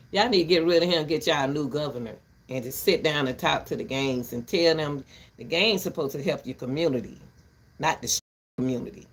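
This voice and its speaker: An older woman ranting casually to her viewers from her back porch, blunt and rambling, breaking into laughter often. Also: deep voice. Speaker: vlogger.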